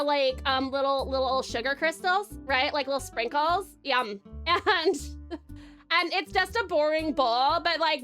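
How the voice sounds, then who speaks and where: A woman's voice: high-pitched, bright, forceful tone, heavily acted. A woman putting on a gushing valley-girl bestie voice, sing-song and full of "like".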